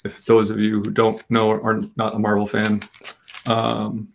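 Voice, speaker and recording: A man's voice: fairly low pitch, completely flat delivery, moderate pace, vocal fry, slight background noise. A man hosting a casual live comic book auction, rambling and self-deprecating, joking as he goes. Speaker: comic shop auction host.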